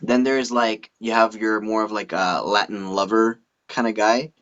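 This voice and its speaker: A male comedian hosting a casual live-stream chat, talking haltingly and restarting his sentences. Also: lowish voice, steady tone, fairly bright tone, highs cut off. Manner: halting, many fillers and restarts.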